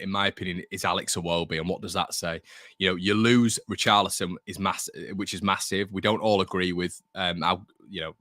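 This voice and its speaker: Young male stream host, low and bright voice, dry close sound, casual and opinionated. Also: no room sound. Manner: chatty, reads out viewer comments, opinionated. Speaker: fan channel host. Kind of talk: casual live-stream chat.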